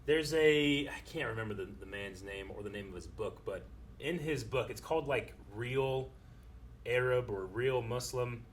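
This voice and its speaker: A man's voice: medium pitch, moderate pace, a little hiss or hum. A young man in a casual movie discussion, chatty and retelling behind-the-scenes trivia. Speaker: show co-host, movie reactor.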